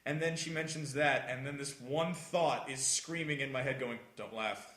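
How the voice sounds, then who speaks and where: A man's voice: medium pitch, steady tone, normal speed, pushed and bright. A young man telling a story casually to friends on a podcast, laughing often as he goes. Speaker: podcast co-host. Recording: echoey room.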